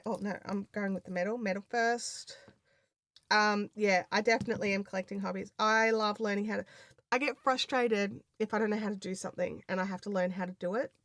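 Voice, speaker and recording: A woman's voice: fairly high pitch, a bit bright, dry recording, clean studio sound. Chatty Australian woman reading stream comments. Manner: chatty, rambling, laughs often, many fillers. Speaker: craft livestream host. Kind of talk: casual livestream chat reading viewer comments.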